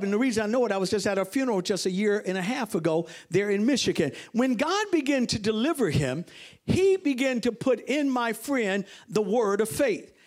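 Middle-aged man, bishop preaching, very high voice, animated storytelling, sudden high exclamations. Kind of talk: sermon.

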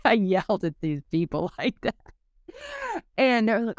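A woman hosting a personal podcast, telling a story in a lively way and acting out what each person said. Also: mid-range voice, unhurried, pauses often, no echo, studio quality. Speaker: podcast host.

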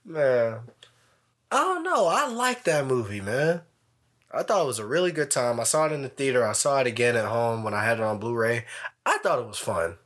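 Animated, swearing podcast co-host man. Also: mid-range voice, normal speed. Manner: animated, laughing, profane storytelling. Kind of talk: casual chat.

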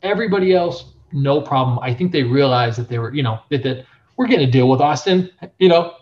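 A young adult man, a print shop owner, telling his story in a casual interview, animated and full of filler phrases. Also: medium pitch, fairly quick. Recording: dull lo-fi sound.

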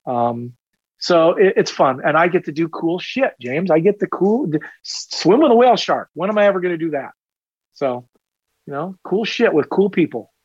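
Energetic middle-aged man telling stories. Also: on the high side, moderate pace, breathy edge, no echo, highs cut off. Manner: energetic, rambling, self-deprecating humor. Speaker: guest, retired police officer. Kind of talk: casual storytelling in a podcast interview.

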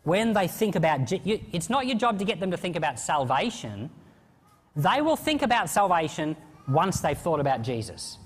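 A man preaching a sermon in an animated, conversational way. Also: high voice, moderate pace, breathy edge, in a large hall. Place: church.

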